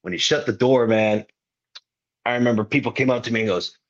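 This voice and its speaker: A man's voice: medium pitch, fairly even intonation, fairly quick. A man in his twenties, a guest wrestler, telling a story in casual podcast talk and animatedly acting out other people's lines. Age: 20s. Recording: muffled lo-fi recording.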